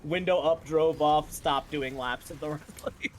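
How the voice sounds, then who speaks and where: A man's voice: a little high, measured pace. A man with a slightly raised voice chats casually while gaming, rambling through an anecdote. He leans on fillers and keeps breaking into laughter, with a faint hum behind him. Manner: rambling storyteller, many fillers, laughs often. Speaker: gamer streaming with friends. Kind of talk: casual chat.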